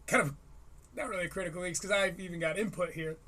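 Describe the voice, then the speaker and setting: A man's voice: high voice, steady tone, quick pace, pushed and bright. A young man hosting a solo podcast, riffing wryly on comedy and reading aloud. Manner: rambling, riffing and wry. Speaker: podcast host. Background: faint harp music.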